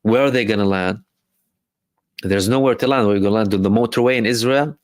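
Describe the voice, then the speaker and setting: A man's voice: lowish voice, quick pace, no room sound. A man hosting a live stream, reading out viewer questions and answering them in a loose explanatory way, with frequent fillers and restarts. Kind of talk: casual live commentary reading chat questions.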